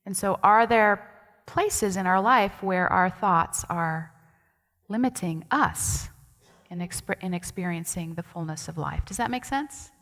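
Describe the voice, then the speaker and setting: In a sanctuary thick with long hall reverb, a woman associate minister talks through a chatty sermon, asking the congregation questions as she goes. Her pitch sits in the middle, her tone is a bit bright, and she speaks a little slowly.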